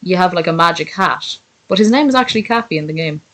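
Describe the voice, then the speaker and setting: A woman's voice: on the low side, animated, fast talker, a bit bright, poor audio. A woman streamer chatting casually and reading aloud, sweary and self-mocking.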